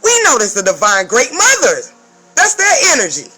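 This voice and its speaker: A woman's voice: on the high side, wildly swooping pitch, moderate pace, sharp tone, slightly rough, rough recording. Woman, spiritual advisor, profane emphatic vlog rant, piercing tense voice, faint music behind. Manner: profane, emphatic, keeps checking in with "okay?".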